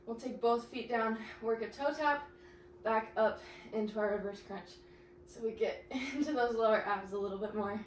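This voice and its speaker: Working out alongside her class, a young pilates instructor gives upbeat cues and gets winded along the way. Her voice is on the high side, heard from a distant mic in an echoey room with a faint hiss or hum.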